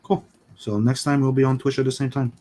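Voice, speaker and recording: A man's voice: medium pitch, steady tone, brisk, mellow. A man hosting a livestream, chatting casually and rambling with many fillers. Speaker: stream host. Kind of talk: casual chat.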